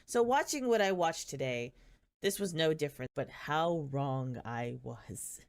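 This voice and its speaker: A woman's voice: low voice, expressive, measured pace. A woman casually recapping a soap drama for her channel, chatty and sardonic, often laughing. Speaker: channel host.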